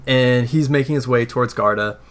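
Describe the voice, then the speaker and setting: A man's voice: mid-range voice, brisk. Brief: laid-back male game master, mid-range voice, loose chatty narration. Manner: rambling, casual narration with fillers.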